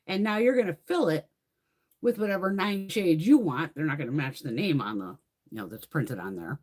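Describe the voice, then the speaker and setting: A middle-aged woman hosts a casual beauty livestream, chatting freely, swearing often, and laughing between thoughts. Her low-pitched voice is expressive and a little mellow, at a moderate pace.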